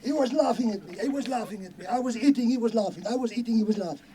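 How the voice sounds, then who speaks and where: A man's voice: very high voice, very fast, crowd noise. A man playing a boastful farmer, telling a yarn in mock Spanish-flavored broken English and tagging lines with "eh?" at a live reunion skit. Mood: storytelling. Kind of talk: comic storytelling skit. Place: live reunion stage before audience. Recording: noisy live hall recording.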